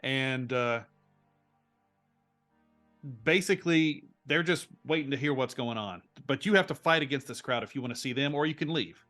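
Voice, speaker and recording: A man narrating as game master of a tabletop role-play game, telling the scene in an animated way with frequent restarts. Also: mid-range voice, normal speed, soft background music.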